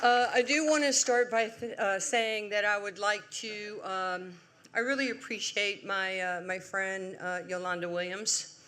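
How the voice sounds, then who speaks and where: New york lady in her 60s, bright voice, funny storytelling speech at an awards event, little room hum behind. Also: mid-range voice, unhurried. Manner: lively, humorous storyteller, acts out quoted voices. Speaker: award honoree. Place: large event hall.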